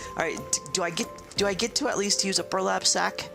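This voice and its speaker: A woman's voice: mid-range voice, fast, creaky, hardly any pauses. A woman streamer giving casual, profane, sarcastic commentary while playing a game. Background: game music.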